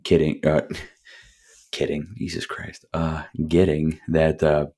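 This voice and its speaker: Very deep-voiced man rambling on a podcast. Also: monotone, unhurried, creaky, warm tone. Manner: rambling, profane, chuckling asides. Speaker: podcast host. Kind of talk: casual solo podcast review.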